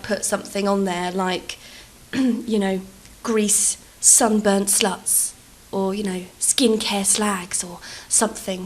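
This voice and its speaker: A woman's voice: mid-range voice, a bit bright, rough recording. Chatty British woman vlogger. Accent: British English. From England. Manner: chatty, self-deprecating, rambling with fillers. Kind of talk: casual storytelling over a game build.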